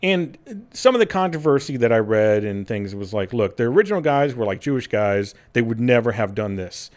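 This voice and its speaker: Animated man chatting on a gaming podcast. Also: on the low side, a little fast. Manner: animated, laughs often, acts out quotes in silly voices. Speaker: podcast host. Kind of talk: casual chat.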